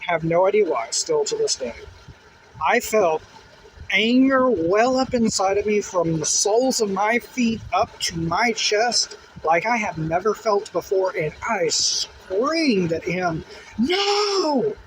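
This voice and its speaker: A man's voice: high voice, takes it slowly. A man casually telling a dream in the first person, rambling and full of filler words. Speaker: dream testimony teller. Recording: steady noise behind, passing vehicles.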